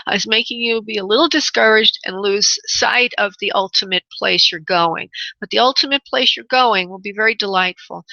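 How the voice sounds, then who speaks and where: A woman's voice: mid-range voice, gravelly, bright, forceful tone, no echo, dull audio. A woman hosting a call-in radio show as a psychic medium, giving readings in a chatty way with many fillers and calling callers honey and love.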